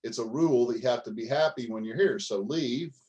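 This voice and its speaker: A man's voice: medium pitch, a little fast, dark tone, muffled recording, close to an everyday voice. A man voicing a cheerful woman dental assistant, chirpy and matter-of-fact.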